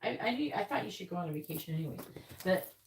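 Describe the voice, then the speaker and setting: Her voice is fairly low and animated, and she races along, with a faint hiss or hum in the audio. She gives a live-stream tarot reading bluntly and casually, cursing often and performing quoted voices.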